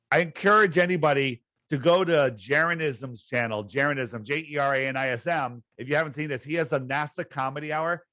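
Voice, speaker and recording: Guy hosting a chat show, incredulous and sarcastic, kinda high voice, dry close mic. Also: a bit bright, no room sound. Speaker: host. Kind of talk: animated podcast chat.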